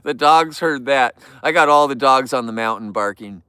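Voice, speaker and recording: A man's voice: mid-range voice, moderate pace, sharp tone, clean tone, no echo, studio quality. A man hosting a casual livestream, chatting and joking in a goofy, youthful-sounding voice. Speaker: livestream host.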